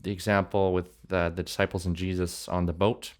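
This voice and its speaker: A man's voice: low-pitched, little pitch movement, fairly quick, slight background noise. A man co-hosting a church podcast, reading scripture and explaining it in hesitant, casual talk full of fillers. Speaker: podcast co-host.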